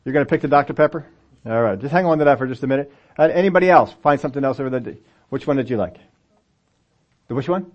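A man's voice: mid-range voice, quick pace, muffled recording. A man preaching a sermon in a conversational way, acting out the voices of the story's people for a congregation with children present. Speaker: pastor. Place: church sanctuary with children present.

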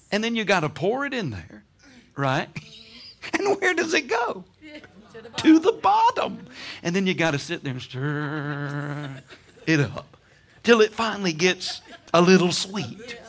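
A man preaches with a high, bright voice that leaps up and down in pitch. He tells homely stories, breaks into laughter and shouts his praises. His delivery is animated and full of sudden swings. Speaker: pastor. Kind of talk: sermon.

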